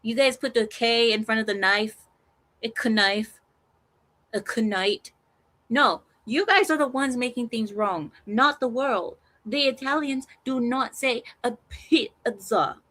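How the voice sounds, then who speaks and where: Woman live-stream host, casual and teasing, animated delivery. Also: on the high side, slow. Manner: animated, teasing, laughs often. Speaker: livestream host.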